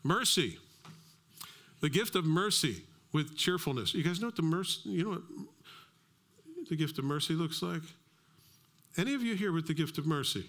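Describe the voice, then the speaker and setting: A middle-aged male pastor giving a sermon, telling stories with lively acted-out dialogue. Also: a little high, normal speed, pauses often. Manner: animated storytelling, acts out dialogue.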